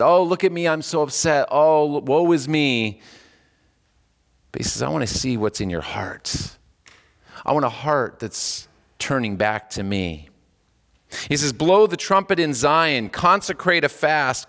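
Man preaching in a reverberant church. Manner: animated preaching with wide swings in pitch and loudness, dropping low on solemn words; casual asides and quips between scripture readings. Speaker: pastor. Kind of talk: sermon. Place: church sanctuary.

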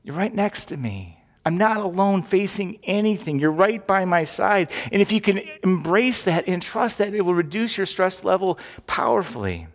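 A man's voice: high voice, sing-song, normal speed, few pauses. A man preaching a sermon as pastor, talking in a conversational, jokey way with emphatic rises. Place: church sanctuary. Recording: long hall reverb from a church.

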